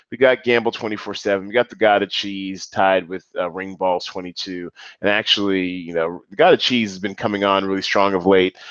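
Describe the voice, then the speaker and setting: A man's voice: fairly low pitch, no echo, lo-fi sound. Chatty man hosting a solo podcast. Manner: chatty, self-deprecating, many restarts and fillers. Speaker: podcast host.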